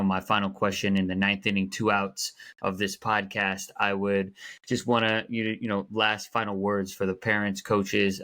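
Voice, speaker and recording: A male podcast host with a very low voice that barely moves in pitch. He asks his questions in a loose, rambling way. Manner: relaxed, rambling questions with fillers. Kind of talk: casual interview.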